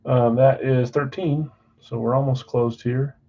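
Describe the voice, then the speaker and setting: A man's voice: medium pitch, fairly even intonation, measured pace, warm tone, lo-fi sound. A married man hosting a live card break, chatting casually and rattling off buyers' names and teams. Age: adult, married. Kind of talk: casual live-stream chat. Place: basement card room.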